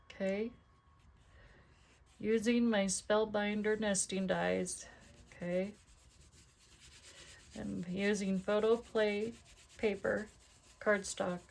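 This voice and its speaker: Slow, gravelly-voiced woman crafting. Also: medium pitch. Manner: chatty, talks to herself while working, asks viewers questions. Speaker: card-making crafter. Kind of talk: casual crafting tutorial chat.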